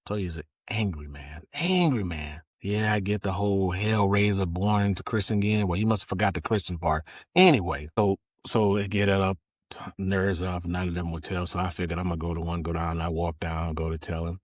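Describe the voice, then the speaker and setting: A man's voice: low voice, a little fast, dry recording. A man from Georgia with a Southern accent, telling a funny story in a casual, folksy way, laughing and cussing freely. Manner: animated, laughing, profane, folksy. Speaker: storyteller, podcast host.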